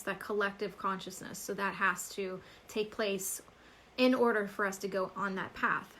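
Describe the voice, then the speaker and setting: A woman's voice: medium pitch, sharp tone, slight background noise, rough recording. A woman hosting a live stream as a psychic medium, chatting casually, laughing often and answering viewers by name.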